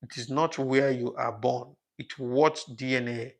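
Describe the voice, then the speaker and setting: A man's voice: medium pitch, fairly even intonation, a little slow, gravelly. A man hosting a casual livestream, reading out viewer comments and talking with emotion, often repeating his phrases. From Africa. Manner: emotional, repetitive, restarts phrases.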